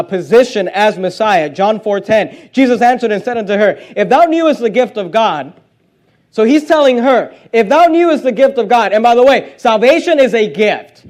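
A man's voice: sits high, a little mellow. A man preaching a sermon, reading scripture aloud with emphatic stresses and plain conversational asides between readings.

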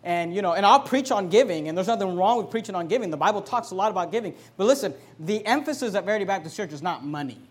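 A male pastor with a notably high-pitched voice delivers a fiery sermon in his church. He preaches emphatically, swinging between sudden loud, drawn-out declarations and quieter, conversational asides to the congregation. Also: expressive, breathy edge. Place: church sanctuary.

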